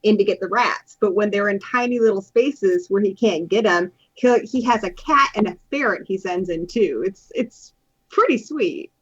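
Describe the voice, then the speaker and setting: A woman guest on a live stream over a video call, making deadpan jokes. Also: medium pitch, normal speed, husky, lo-fi sound. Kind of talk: casual chat on a live stream.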